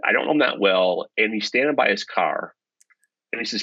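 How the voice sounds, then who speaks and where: A middle-aged man, a professor and podcast guest, telling stories in an animated, self-deprecating way. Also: fairly low pitch, normal speed, vocal fry, no room sound. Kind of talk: storytelling in conversation. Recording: dull lo-fi podcast audio.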